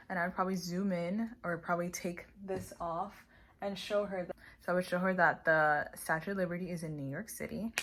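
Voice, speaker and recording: Woman, young adult, casual tutorial talk, slightly low pitch, slow clear demo phrases. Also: a bit bright, slight background noise. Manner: chatty, demonstrates teacher phrases slowly and clearly. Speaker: online English teacher.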